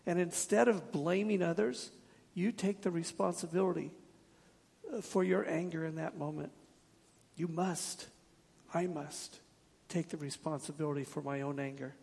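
Gravelly man preaching in a reverberant hall. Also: on the high side, steady tone, moderate pace, darkish tone. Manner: earnest, direct, asks the congregation questions; slips in wry jokes. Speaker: pastor. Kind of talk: sermon.

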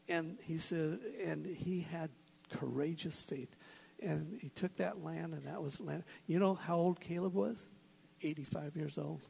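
A man's voice: fairly high pitch, a little slow, creaky, a little mellow, a little hiss or hum. A man preaching a sermon as a pastor, earnest and building to emphatic points.

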